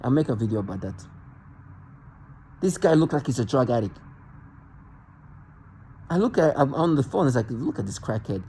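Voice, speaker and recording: A man speaking to the camera in an agitated monologue, halting and repeating words as he restarts sentences. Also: mid-range voice, big pitch swings, warm tone, a little hiss or hum, poor audio. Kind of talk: self-recorded monologue rant.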